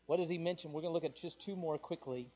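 A male pastor preaching a sermon with passion, his voice surging louder on the emphatic points. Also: fairly high pitch, fast talker, breathy edge, lo-fi sound.

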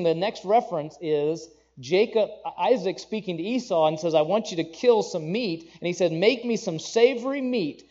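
A man preaching a conversational sermon, animated, with asides to the congregation and playful acted-out quotes. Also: high voice, lo-fi sound. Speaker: pastor.

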